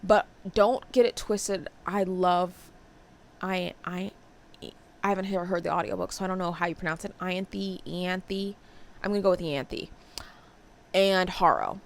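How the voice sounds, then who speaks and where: A young woman vlogging about books in a casual, expressive way, with sarcastic asides and casual swearing. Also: lowish voice, moderate pace, creaky. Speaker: book vlogger. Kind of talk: casual chat.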